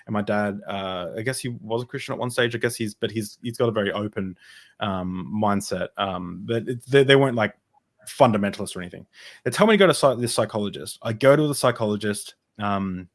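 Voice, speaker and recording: A man's voice: lowish voice, brisk. A young man in an interview, telling a personal story in a rambling way, with many fillers and restarts. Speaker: podcast guest.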